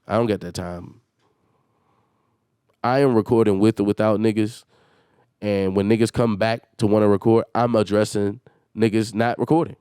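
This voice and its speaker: A man's voice: mid-range voice, darkish tone, no room sound, studio quality. A man hosting a solo podcast, venting in a heated and exasperated way with emphatic swearing. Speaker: podcast host.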